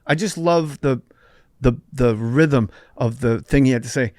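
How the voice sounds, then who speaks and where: A man hosting a podcast, telling comedy stories in a casual, animated way with crude humor. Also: medium pitch, measured pace, no echo, studio quality. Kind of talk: casual chat.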